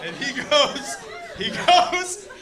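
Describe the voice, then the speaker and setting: A man telling a wild story in a stand-up set, animated and shouting punchlines while voicing the people in it. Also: very high-pitched, takes it slowly. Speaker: stand-up comedian. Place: comedy club stage before a laughing audience. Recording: live club recording with crowd noise.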